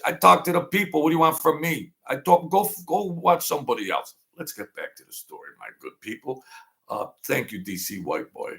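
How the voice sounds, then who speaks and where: A storyteller host from Brooklyn, New York, rambles through a story in a casual monologue, repeating phrases and acting out what people said. His voice is a little high and expressive, with vocal fry and a sharp tone at a moderate pace.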